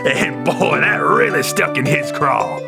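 A man's voice: on the high side, very animated, measured pace, gravelly, over loud music. A man playing a tabletop game, telling tall tales in character with a jokey drawl. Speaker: player. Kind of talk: in-character tabletop role-play.

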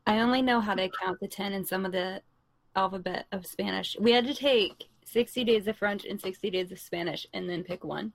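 A woman's voice: mid-range voice, fairly quick, creaky, no room sound, low-quality recording. A woman co-hosting a podcast chats casually, helpful and matter-of-fact. Her voice sounds close and dry, with no room around it. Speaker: podcast co-host. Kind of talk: casual chat.

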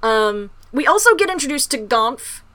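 A woman co-hosting a casual book podcast. Her voice sits a little high, and she talks in eager, rapid bursts that often fade off quietly at the end. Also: big pitch swings. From American South. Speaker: podcast co-host.

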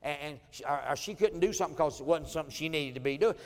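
A middle-aged male pastor preaching in a church, his slightly high voice carried by a long, ringing hall reverb. He tells homely family stories, slips into the voices of the people in them and chuckles along with his congregation. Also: quick pace. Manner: storytelling, acting out family quotes, chuckling asides. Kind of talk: sermon. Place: church sanctuary.

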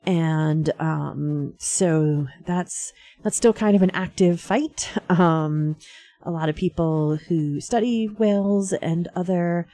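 Female radio host, chatty with fillers, gravelly low voice. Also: slow, warm tone, dry recording. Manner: chatty, frequent fillers and laughs. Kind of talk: casual radio talk.

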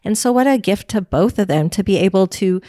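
A woman co-hosting a podcast, replying in a calm, thoughtful and affirming way. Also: medium pitch, fairly quick, no echo, studio quality. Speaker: podcast co-host. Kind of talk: casual reflective chat.

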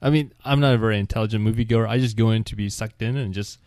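Smooth-voiced easygoing podcast co-host. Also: male voice, on the low side, fast, darkish tone, no echo, studio quality. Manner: easygoing, self-mocking. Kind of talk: casual chat.

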